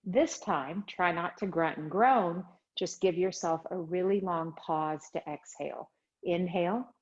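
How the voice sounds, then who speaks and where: A woman yoga teacher leading a chair yoga class with slow, soothing guided instructions. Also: lowish voice, highs cut off. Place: home studio livestream.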